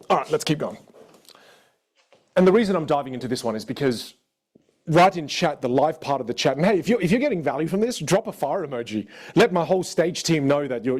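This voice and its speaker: A man teaching a live online communication workshop, lively and dramatic, acting out the voices of the people in his stories. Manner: animated, acts out quoted voices with big pitch jumps. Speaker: communication coach.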